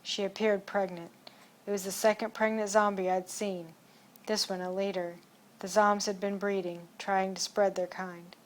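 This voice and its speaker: A woman reading a first-person audiobook chapter in a steady, even storytelling manner. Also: mid-range voice, normal speed. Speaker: audiobook narrator.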